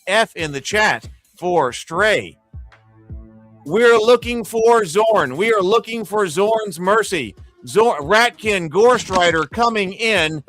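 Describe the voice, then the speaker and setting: Guy gm calling an rpg arena fight live, high voice, bright and punchy, gets worked up over the rolls. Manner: excitable, cheers and pleads over dice results. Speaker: game master and streamer. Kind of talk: live play-by-play of a tabletop arena battle.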